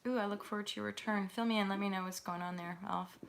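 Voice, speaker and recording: A woman's voice: mid-range voice, fairly even intonation, fast, gravelly. A woman hosting a live tarot stream, chatting loosely with her viewers and laughing often.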